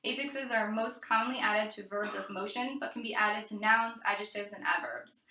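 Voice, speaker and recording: A woman's voice: medium pitch, normal speed, sharp tone, reverberant, low-quality recording. A woman giving a read-aloud class presentation, reading from notes with occasional fillers and restarts. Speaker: student presenter.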